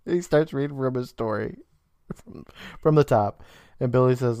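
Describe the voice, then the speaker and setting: A man co-hosting a podcast, casually retelling a TV episode with laughter and quick quoted lines. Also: mid-range voice, lively intonation, darkish tone, dry recording. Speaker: podcast co-host. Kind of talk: casual recap chat.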